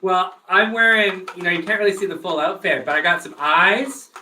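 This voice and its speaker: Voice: medium pitch, fairly quick, pushed and bright, slight background noise. A co-host of a live drag race recap show, chatting casually in a playful, teasing way. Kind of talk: casual live-stream chat.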